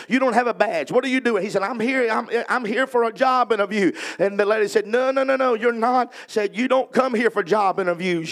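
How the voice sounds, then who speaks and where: A male evangelist preaching at a revival, telling a story in a folksy way and acting out the dialogue, building to fervent preaching. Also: high voice.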